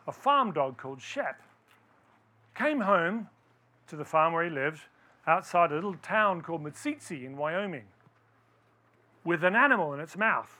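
A man's voice: on the high side, pushed and bright. A man giving a storytelling talk to a live audience, quizzing listeners with questions as he tells the story.

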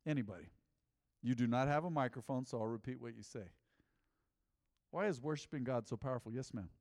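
A man as pastor, preaching a lively interactive sermon, joking with the congregation and repeating their answers. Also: mid-range voice, fairly quick, no echo, clean studio sound, in a large hall.

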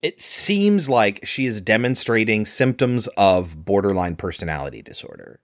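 Guy on a podcast breaking down a movie, lowish voice, dry close mic. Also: sing-song, moderate pace, no echo. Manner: chatty, analytical, acts out quotes. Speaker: podcast co-host. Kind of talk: casual film discussion.

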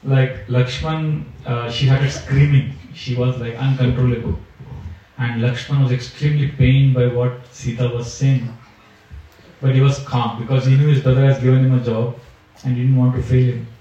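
A man, a spiritual teacher, telling a scripture story at a retreat in an animated way, recorded from a distant mic in a large echoey hall. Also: mid-range voice, moderate pace, highs cut off. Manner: animated storyteller, acting out characters.

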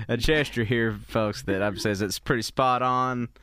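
A man hosting a podcast, asking questions in a halting way and searching for words. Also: mid-range voice, fairly bright tone, smooth. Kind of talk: casual podcast chat.

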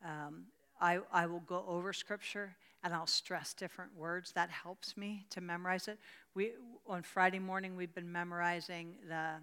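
Older woman, bible study teacher, fervent, bright crisp voice, long hall reverb. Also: fairly low pitch, fairly even intonation, normal speed. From rural Pennsylvania. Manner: fervent, repeats words, answers questions from the room. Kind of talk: teaching a church group with prayer.

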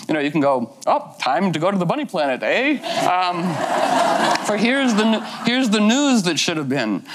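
A woman giving a loose, rambling talk, playful and full of fillers, acting out little quotes as she goes. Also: low-pitched.

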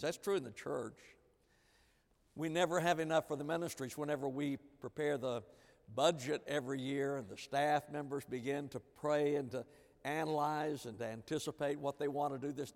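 Preaching pastor in a reverberant hall. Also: male voice, on the high side, creaky, a little mellow. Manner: preaching with dramatized quotes of disciples. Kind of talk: sermon. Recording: long reverb of a large hall.

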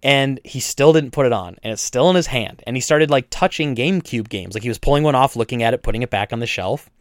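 A man who owns a video game store, telling a story in casual chat, animated and indignant, with many restarts and voices for each side. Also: medium pitch, fast talker, no echo, clean studio sound. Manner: animated retelling, acts out both sides with frequent restarts.

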